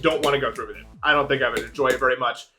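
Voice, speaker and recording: A young man streaming, chatting casually with viewers in a rambling, animated way. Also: mid-range voice, very fast, faint music behind. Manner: rambling, animated, swings into shouting.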